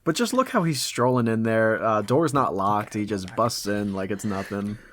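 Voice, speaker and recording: A man's voice: lowish voice, animated, normal speed, fairly bright tone. A man co-hosting a casual podcast, making dry, wry remarks. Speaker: podcast co-host.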